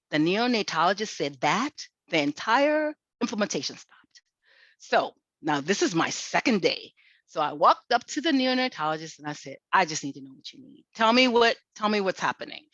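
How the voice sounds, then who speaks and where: Low-voiced woman lecturer who tells stories and acts out the dialogue, recorded dry and a little muffled. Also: moderate pace, no echo. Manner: lively storytelling, acts out quoted exchanges. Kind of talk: seminar lecture with anecdotes.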